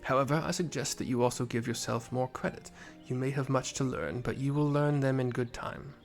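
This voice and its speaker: Calm formal commander, read by a man, measured, even voice, game music faint in back. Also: mid-range voice, natural voice. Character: composed male military commander.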